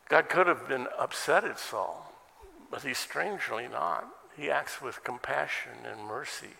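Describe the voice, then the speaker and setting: A man's voice: medium pitch, normal speed, vocal fry, sharp tone, long reverb tail. An American man preaching a sermon, firing off rhetorical questions and folksy asides. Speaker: pastor.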